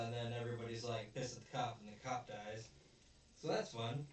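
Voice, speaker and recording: A man's voice: medium pitch, brisk. A man hosting a casual film review chat, rambling and searching for words as he acts out quotes. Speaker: video host, film reviewer. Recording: very echoey room, distant mic, faint noise.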